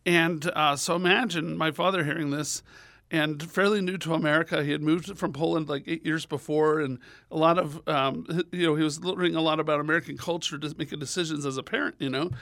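Animated storytelling man, dry close sound. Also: fairly quick, gravelly, dry recording. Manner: animated, acts out voices with big pitch jumps. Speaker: radio guest.

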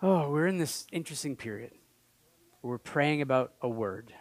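A pastor giving a sermon in a casual, conversational way, acting out little dialogues and moving between quiet reflection and loud enthusiasm. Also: male voice, fairly high pitch, expressive, normal speed, dry recording. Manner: conversational, acts out quoted dialogue, swings between soft and loud.

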